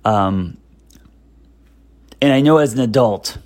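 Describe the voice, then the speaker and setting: A man's voice: medium pitch, slow pace, a little mellow. A middle-aged man, a therapist, musing candidly in a casual self-help monologue, hesitant with many fillers and restarts. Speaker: therapist and podcast host.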